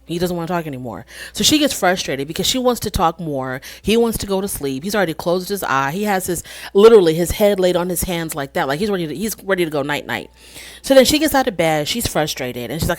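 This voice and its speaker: A woman recapping a reality show in casual commentary, opinionated and animated as she retells scenes. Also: on the low side, fairly quick, no echo.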